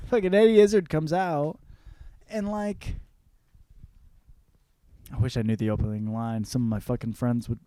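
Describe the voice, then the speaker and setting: Young guy rambling and swearing through a story, mellow low-key tone, dry close sound. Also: measured pace, pauses often, no echo. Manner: rambling, profane and excitable. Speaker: host. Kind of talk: casual comedic monologue.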